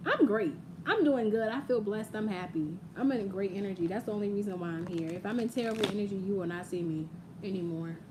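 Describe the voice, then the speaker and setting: A young woman chats her way through a live-stream tarot reading, loose and playful, talking right to her audience. Her voice sits at an ordinary middle pitch. Steady noise runs under the home recording. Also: a little fast. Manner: chatty, playful, laughs often, addresses viewers directly. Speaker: tarot reader. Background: quiet ambient audio playing.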